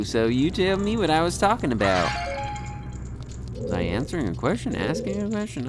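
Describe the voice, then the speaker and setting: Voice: mid-range voice, normal speed, pauses often. A game streamer giving live commentary while playing, talking to themselves and to chat with frequent exclamations. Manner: animated, talks to self and chat, frequent exclamations. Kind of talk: live gameplay commentary chatting with viewers. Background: game music.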